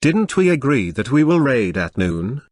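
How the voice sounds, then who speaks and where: A synthetic male voice reading the lines of a worried young woman who leads a guild, in a steady storybook delivery. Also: mid-range voice, normal speed, no echo, clean studio sound.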